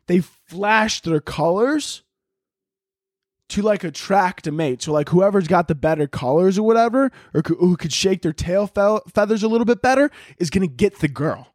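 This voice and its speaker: A young man hosting a casual solo podcast, rambling and swearing constantly, and jumping into loud, high-pitched voices when he quotes people. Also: expressive, normal speed, no room sound, studio quality. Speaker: podcast host.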